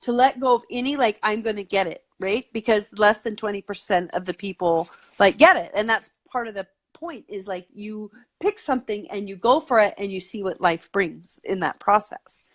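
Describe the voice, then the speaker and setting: A woman's voice: mid-range voice, expressive, normal speed, few pauses. A woman guest in a casual interview, talking eagerly and at length, with lots of "like" and "you know.". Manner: eager, talkative, peppered with "like".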